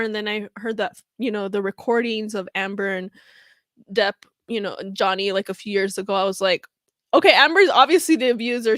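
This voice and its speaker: A woman's voice: mid-range voice, a bit bright, dry recording, studio quality. A young woman chatting through a casual reaction vlog, gushing, laughing and getting teary as she talks. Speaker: comedy vlogger reacting to news footage.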